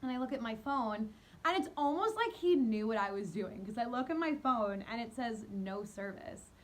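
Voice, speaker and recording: A young woman telling a dating horror story in a storytime vlog, animated and giggly, mocking herself. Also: fairly high pitch, normal speed. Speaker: vlogger.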